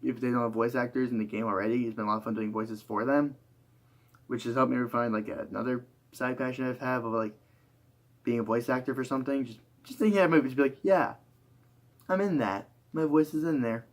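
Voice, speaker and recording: A man's voice: mid-range voice, steady tone, fast talker. A tired young man talking through a rambling, reflective monologue, full of fillers and restarts. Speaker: YouTuber.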